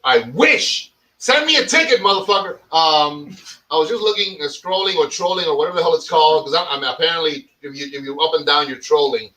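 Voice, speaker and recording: A man hosting a podcast in casual, profane chat, animated and mock-dramatic, swearing freely. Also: fairly high pitch, a little fast, distant mic, low-quality recording. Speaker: podcast host.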